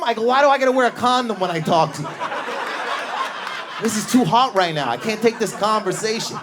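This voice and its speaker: A Canadian man doing stand-up, telling animated stories and bursting into shouted impressions of other people. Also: very high-pitched, fairly quick, long pauses, noisy background. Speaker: stand-up comedian. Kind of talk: stand-up routine. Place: comedy club stage before a live audience. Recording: live club with loud crowd laughter. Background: audience laughter.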